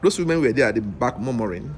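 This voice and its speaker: A man's voice: mid-range voice, fast, a little hiss or hum. A Nigerian man telling a story in a casual vlog, acting out the other people's lines and often restarting his sentences. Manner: animated, acts out dialogue with rambling restarts. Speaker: English teacher vlogger.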